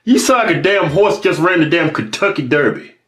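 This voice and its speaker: A man with a Southern American accent co-hosts a comedy show, teasing and swearing at his partner. His voice sits a little high and swings widely in pitch, with sudden loud outbursts. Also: sing-song, fairly quick, slight background noise. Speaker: co-host. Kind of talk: comedic banter.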